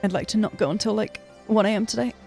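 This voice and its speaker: A woman's voice: medium pitch, steady tone, fast, vocal fry, darkish tone, soft background music. A young woman streaming a game, chatting casually and joking with people in the room. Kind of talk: casual livestream chat.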